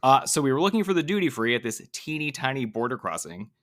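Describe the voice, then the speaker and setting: A man co-hosting a podcast, telling a story in a chatty, animated way, full of "like" and acted-out quotes. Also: mid-range voice, fast. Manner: animated storyteller, lots of "like", acts out quoted people. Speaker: podcast co-host. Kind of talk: casual anecdote telling.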